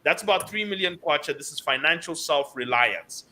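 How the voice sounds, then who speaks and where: A man's voice: on the high side, animated, normal speed, pushed and bright. Emphatic man giving money advice. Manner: emphatic, lecturing, repeats key words for stress. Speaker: financial commentator. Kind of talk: radio financial advice talk.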